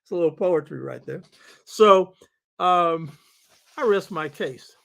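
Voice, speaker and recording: A man with a notably high voice gives a spirited lecture as host of his own show. He talks in a preacherly, emphatic way, pressing listeners with quick rhetorical questions and hammering home key phrases by repetition. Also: gravelly, fairly bright tone. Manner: repeats key phrases for stress. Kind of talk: lecture on history and culture.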